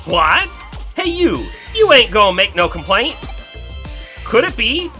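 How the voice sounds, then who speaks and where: Chatty country girl, put on by a man, high folksy drawl, double negatives, bright lively voice. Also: measured pace, faint music behind, heavily acted. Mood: gossipy. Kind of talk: reading game dialogue aloud.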